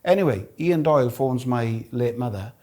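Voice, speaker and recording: A man's voice: mid-range voice, moderate pace. A middle-aged Welsh man, a guest snooker player, telling stories in casual chat and acting out the people he quotes. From Wales. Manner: animated storyteller who acts out quoted dialogue. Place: snooker room.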